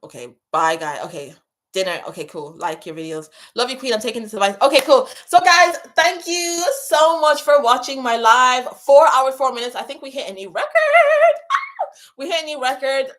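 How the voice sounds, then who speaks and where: A spiritual coach hosting a livestream chats casually in a high-pitched, brisk voice, reading out comments. She's effusive and passionate, repeats herself, and shouts out her viewers.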